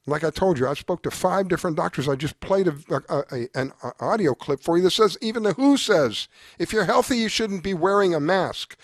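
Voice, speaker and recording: A man with a notably high voice carries a heated commentary monologue as host. He sounds exasperated and emphatic, and he circles back over his points. The recording is close and dry, with no room sound. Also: no echo. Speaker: show host.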